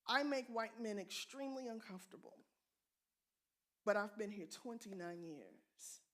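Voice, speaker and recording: A middle-aged woman from the United States speaking at a church conference, direct and candid, telling stories with animated asides. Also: mid-range voice, measured pace.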